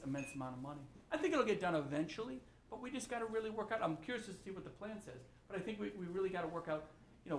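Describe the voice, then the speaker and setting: Fast-talking blunt governor, echoey room. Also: male voice, high voice, slight background noise. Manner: fast, blunt and ranting, with asides and laughs. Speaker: state governor speaking at a forum. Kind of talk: impassioned public remarks. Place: large echoey room with an audience. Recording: roomy echo.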